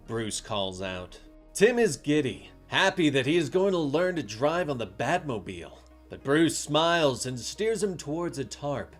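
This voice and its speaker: A man narrating a comic story in a dramatic, animated scripted style. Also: medium pitch, normal speed. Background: faint music.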